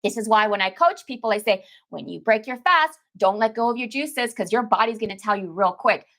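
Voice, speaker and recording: A woman's voice: medium pitch, lively intonation, a little fast, fairly bright tone. A woman detox coach, talking casually to her viewers in an emphatic way, repeating phrases and calling them "baby" and "girl". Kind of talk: casual live-stream talk to viewers.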